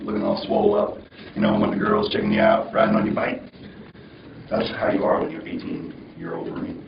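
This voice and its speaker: A man giving a commencement speech as a conversational, animated story in a large hall, recorded from a distance. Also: very deep voice, creaky, very noisy. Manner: animated, conversational, mimics the voices of others. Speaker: commencement speaker. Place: large hall at a graduation ceremony. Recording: dull, roomy sound from far off.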